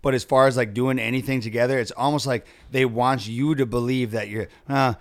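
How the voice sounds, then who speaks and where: A man's voice: mid-range voice, fairly even intonation, a little fast. A man talks candidly and earnestly as a guest in a laid-back conversation. His delivery is sincere and direct. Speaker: guest musician. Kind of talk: casual chat.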